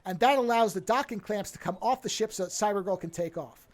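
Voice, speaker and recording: A woman's voice: medium pitch, quick pace. A woman hosting a podcast, recapping a TV episode in casual chat, acting out the quotes and swearing freely. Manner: animated storytelling, acts out quotes, swears freely. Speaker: podcast host.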